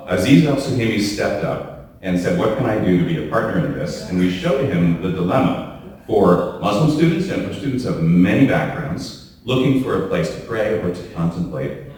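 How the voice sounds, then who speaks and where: A man's voice: lowish voice, darkish tone, slight background noise. A man giving a formal ceremonial speech as a university leader, earnest and building up lists by repetition. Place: large hall at a reception. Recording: echoey hall from far off.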